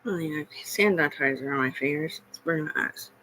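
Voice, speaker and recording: A woman's voice: low voice, fast, a bit bright, slight background noise, low-quality recording. A woman ranting on a livestream in a rambling, profane, agitated monologue that jumps between topics. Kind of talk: rambling live-stream monologue.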